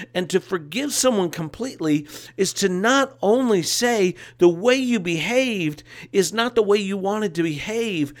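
Man preaching a sermon, higher voice. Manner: repetitive emphatic preaching cadence. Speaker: pastor.

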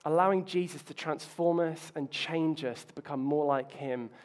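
Man, pastor, sermon, self-mocking humor, fairly high voice. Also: normal speed. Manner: self-mocking storytelling, playful asides.

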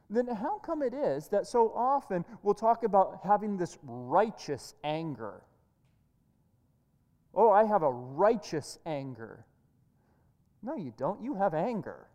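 A woman's voice: mid-range voice, dark tone. A woman pastor preaching a sermon in an earnest way, often repeating and restarting words. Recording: echoey hall reverb.

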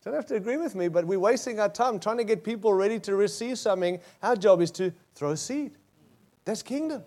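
A man with an Australian accent preaches in a high voice. He is emphatic and drives his points home with short, repeated phrases. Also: expressive, a little fast, a little mellow. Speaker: pastor. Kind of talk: sermon.

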